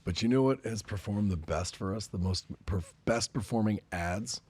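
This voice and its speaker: A man guesting on a podcast, telling profane stories with animated energy and frequent laughter. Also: lowish voice, normal speed, husky. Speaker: guest, company representative. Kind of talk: casual podcast chat.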